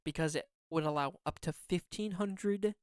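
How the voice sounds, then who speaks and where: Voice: mid-range voice, moderate pace, clean tone, no echo, clean studio sound. A podcast co-host ranting in heated, indignant political commentary, repeating words for emphasis.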